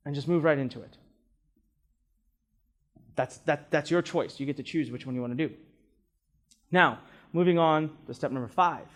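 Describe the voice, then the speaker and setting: A man's voice: high voice, animated, a little fast, pauses often. A man teaching a live seminar to an audience as a marketing instructor, emphatic and repeating words, often asking "right?".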